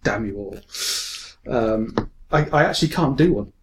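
A man's voice: mid-range voice, expressive, moderate pace, slight background noise. An English man with a mixed forces-kid accent hosting a casual podcast. He reads out listener mail, jokes, swears and laughs often. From England. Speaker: podcast host.

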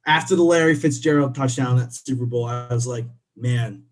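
A man's voice: mid-range voice, brisk. A man co-hosting a podcast in a casual, upbeat, chatty way. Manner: chatty, upbeat, drifts into laughs. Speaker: podcast co-host. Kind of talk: casual chat.

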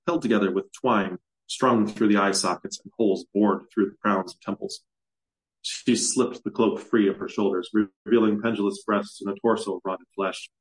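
A man from the USA reads his dark fantasy story aloud at a measured, steady pace. His voice sits somewhat low for a man. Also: poor audio. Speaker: author reading his story.

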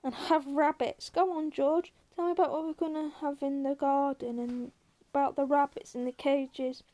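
A woman's voice: sits high, flat delivery, normal speed, dark tone, lightly acted. A woman reading aloud, voicing a simple-minded, childlike big man who pleads and begs. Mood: pleading.

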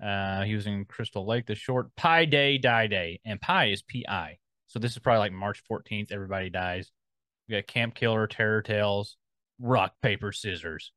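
A man's voice: lowish voice, normal speed, pushed and bright, no echo. A man co-hosting a podcast in casual chat, rambling as he scrolls and reads out film listings. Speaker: podcast co-host.

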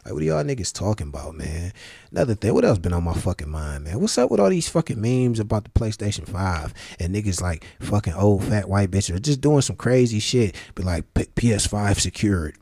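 Guy ranting on his vlog, low dark voice, dry, cussing a ton and getting sarcastic. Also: sing-song, a little fast, vocal fry, breathy edge, dry recording. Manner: sarcastic, swears constantly, bursts into high-pitched outrage. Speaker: vlogger. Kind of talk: profane ranting commentary.

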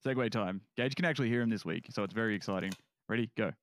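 A man's voice: fairly low pitch, rapid-fire. Chatty man hosting. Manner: chatty storyteller, laughs often. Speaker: podcast host. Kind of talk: casual podcast chat.

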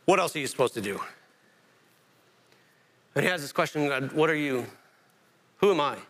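Male pastor, sermon delivery, lively, frequent restarts, higher-pitched voice. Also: normal speed. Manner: animated, rising to emphatic peaks, with self-interrupting restarts.

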